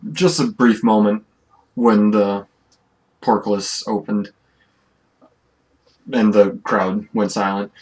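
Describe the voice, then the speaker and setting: A slow-talking male game master running a tabletop session online, his voice sitting a bit low. He stumbles and restarts his sentences, then eases into unhurried scene narration. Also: poor audio. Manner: halting, restarts often, then unhurried description.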